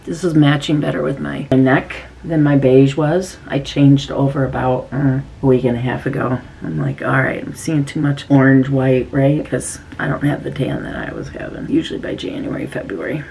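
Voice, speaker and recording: Low-voiced woman chatting through makeup. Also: expressive, moderate pace, vocal fry, hardly any pauses, warm tone, low-quality recording. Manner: chatty, demonstrating step by step. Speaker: beauty vlogger. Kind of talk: casual makeup tutorial.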